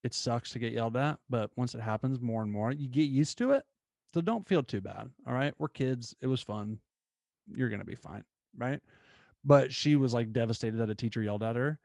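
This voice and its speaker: A young man hosting his own show, telling a story in an animated, casual way with lots of fillers. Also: medium pitch, moderate pace, vocal fry, no room sound, studio quality. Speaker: podcast host.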